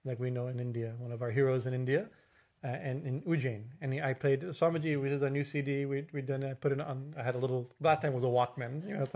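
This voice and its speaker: This spiritual teacher, a middle-aged man, talks informally about religion in a steady, slightly mellow mid-range voice. His delivery is halting and filler-heavy, with frequent restarts and repeated questions of "right?".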